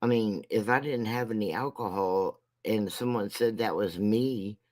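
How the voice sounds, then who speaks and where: A man with a fairly low voice talks very slowly through a casual commentary rant. He rambles and mocks, stopping and restarting his sentences as he goes. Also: a little mellow. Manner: slow, rambling and mocking, with halting restarts. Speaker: commentary vlogger.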